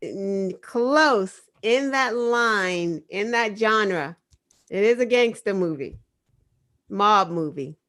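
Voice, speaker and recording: Woman, Boston accent, online news co-host, laughs often, slow unhurried talk. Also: mid-range voice. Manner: animated, laughs often, urging. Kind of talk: casual chat.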